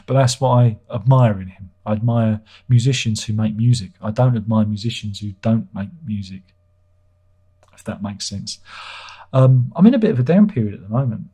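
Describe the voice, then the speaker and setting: A livestream host chatting loosely to his viewers, self-deprecating and casual with his swearing. His voice is dark and mellow with some huskiness in it. He talks into a home streaming microphone. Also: lowish voice, husky. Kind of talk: casual chat reading viewer comments.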